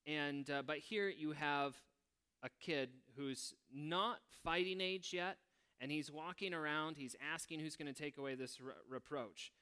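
Opening with a prayer, this man moves into teaching a Bible passage, relaxed and chatty, musing aloud with dry, wry remarks. He speaks a touch high and unhurried, his tone clear and resonant.

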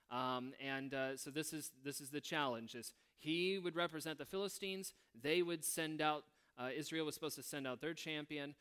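A man leading a prayer and then teaching a Bible passage in a relaxed, conversational way, musing aloud with wry asides. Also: medium pitch, clear, resonant tone.

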